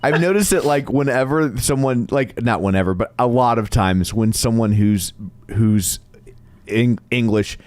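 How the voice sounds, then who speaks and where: A man co-hosting a podcast, cutting in with quick jokes and banter. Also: medium pitch, a little mellow, slight background noise. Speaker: podcast co-host. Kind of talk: casual chat.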